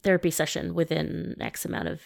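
A woman co-hosting a podcast, chatting playfully and joking, with halting restarts. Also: deep voice, steady tone, creaky. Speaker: podcast co-host. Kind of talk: casual chat.

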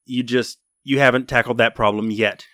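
Male podcast co-host, middle pitch, laid-back joking and reassuring, dry close sound. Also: steady tone, moderate pace, bright, forceful tone, no echo. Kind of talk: casual chat.

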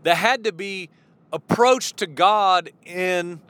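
A man's voice: sits high, takes it slowly, fairly bright tone, clean tone. A man giving an earnest sermon-style teaching, full of rhetorical questions and restarts. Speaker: preacher.

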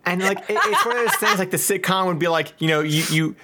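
A man riffs loosely in a casual podcast chat, his voice bright and forceful. He strings thoughts together with many fillers and frequent laughter. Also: high-pitched, quick pace, a little hiss or hum.

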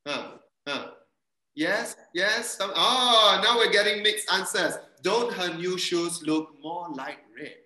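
Bright-voiced preacher. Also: male voice, sits high, expressive, slow, echoey room, poor audio. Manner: asks the congregation questions and reads their answers aloud. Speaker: pastor. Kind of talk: interactive sermon with online quiz.

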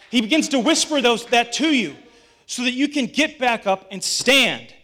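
Bright high-voiced man preaching. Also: animated, normal speed. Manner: storytelling, rising to urgent exhortation. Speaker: pastor. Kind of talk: sermon.

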